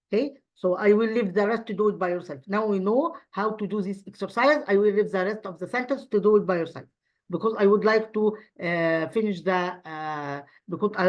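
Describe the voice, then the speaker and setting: A woman whose first language is Arabic, teaching an English grammar lesson, repeating model sentences slowly with frequent fillers and restarts. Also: mid-range voice, muffled recording.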